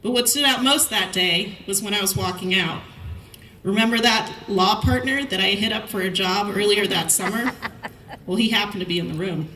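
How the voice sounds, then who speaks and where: Bright-voiced woman telling stories in an echoey hall. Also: medium pitch, normal speed, recorded from a distance, a little hiss or hum. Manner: storytelling, lively anecdotes with quoted dialogue. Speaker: commencement speaker. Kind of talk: commencement speech.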